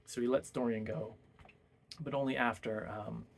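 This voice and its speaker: A man's voice: mid-range voice, fairly even intonation, normal speed, gravelly, a little hiss or hum. A man casually retelling a novel's plot as a book reviewer, rambling and full of hesitant fillers.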